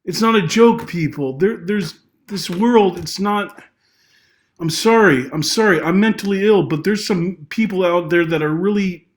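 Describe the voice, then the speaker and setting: Speaking directly to the camera, a young adult man vlogs social commentary in an unscripted, rambling monologue, tripping over restarts and apologizing along the way. He talks a little slowly in a voice slightly high for a man, and when he gets agitated and angry it climbs sharply.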